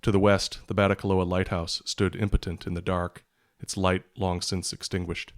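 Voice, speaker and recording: Man, low voice, monotone, author reading his own thriller aloud, steady pace. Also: moderate pace. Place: podcast recording.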